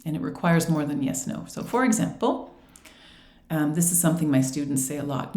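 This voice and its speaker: A woman's voice: low voice, animated, brisk, a little mellow. Patient teacher woman in an echoey room. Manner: clear, patient, acts out teacher and student lines. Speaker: ESL teacher trainer. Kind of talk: instructional presentation.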